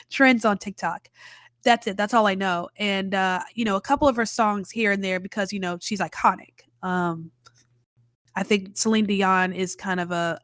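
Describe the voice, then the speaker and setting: A woman's voice: medium pitch, no echo, studio quality. A woman giving a casual spoken film review, chatty with many fillers and wry, exaggerated exasperation. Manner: chatty, frequent "you know" fillers.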